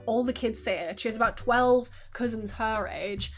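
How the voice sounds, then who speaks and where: A woman's voice: a little high, moderate pace, hardly any pauses, fairly bright tone. A woman in her early twenties chatting casually on a live stream, telling stories with frequent laughs and swearing.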